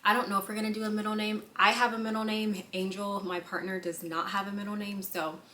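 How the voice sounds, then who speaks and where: A young woman chatting casually in a pregnancy update vlog, with lots of fillers and quick asides and a slightly breathless delivery. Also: medium pitch, little pitch movement, bright, forceful tone, slight background noise. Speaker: vlogger. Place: indoors on a lunch break.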